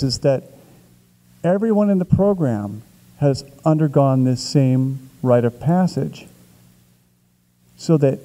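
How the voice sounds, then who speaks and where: A man with a deep-toned, very mellow and rounded voice at a middling pitch unwinds a long anecdote at a Q&A. He talks casually, restarting small phrases now and then. He builds his scenes with care, stretching some words and quickening others. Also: poor audio. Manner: vivid, building storyteller who shifts pace for effect. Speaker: author answering a question.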